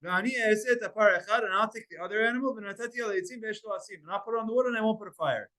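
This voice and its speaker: A man teaching a Talmud class, reading Hebrew verses aloud and retelling them in lively, storytelling English. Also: high voice, rapid-fire. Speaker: Torah teacher.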